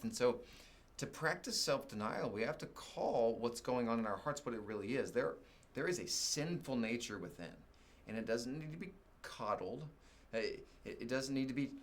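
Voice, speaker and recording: A middle-aged man from Oklahoma preaching, telling a personal story with animated swings and leaps up in pitch when exasperated. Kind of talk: sermon storytelling.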